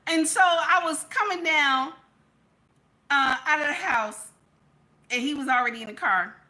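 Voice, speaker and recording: Female stream host, chatty and animated, forceful bright tone. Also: high voice, measured pace. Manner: animated, repeats "okay?" constantly. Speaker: livestream host. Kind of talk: casual chat reading viewer comments.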